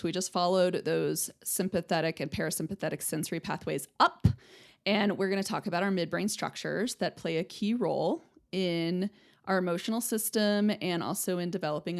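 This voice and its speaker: A woman's voice: on the low side, a little fast. A young adult woman hosting an educational podcast, chatting casually and checking in with listeners as she explains. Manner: chatty, explains with analogies, checks in with "right?" and "okay?". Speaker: podcast host, speech-language pathologist.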